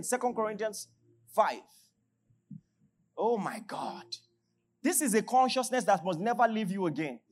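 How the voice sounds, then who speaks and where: A man with a Nigerian accent preaching a sermon as pastor, swinging between loud declarations and hushed storytelling. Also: high-pitched. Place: large church hall.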